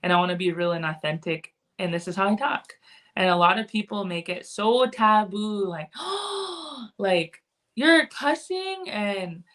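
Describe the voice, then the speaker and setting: A woman talking as a podcast guest in a loose, conversational way. She is candid and frank, and she lets a cuss word slip in here and there. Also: mid-range voice. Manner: candid, frank, occasionally cussing. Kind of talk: casual conversation.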